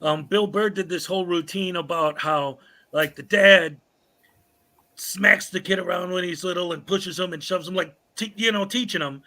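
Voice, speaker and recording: A man's voice: sits high, normal speed, bright, forceful tone. A man co-hosting a casual talk show, telling chatty anecdotes. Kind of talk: casual chat.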